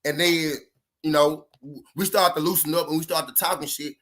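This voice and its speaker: His voice is fairly high and fairly bright, with a steady tone and moderate pace. A vlogger giving relationship advice, he casually recounts a relationship story to viewers, cursing, repeating, and leaning hard on each point in street talk.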